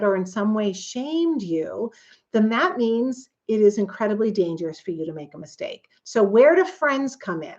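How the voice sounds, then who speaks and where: A woman's voice: medium pitch, lively intonation, a little slow, darkish tone. Earnest woman coaching, lo-fi sound. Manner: earnest, conversational, acts out quoted voices. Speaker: coach and author. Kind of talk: teaching talk on tapping.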